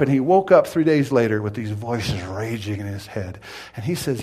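A man preaching a sermon, swinging from loud cries to hushed whispers and acting out the people in his stories. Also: animated, moderate pace, slight background noise. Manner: acts out quoted cries in a high strained voice.

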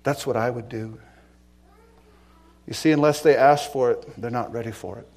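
A man preaching a sermon as pastor, emphatic and earnest, swinging between loud declarations and hushed pleading questions. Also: medium pitch, moderate pace.

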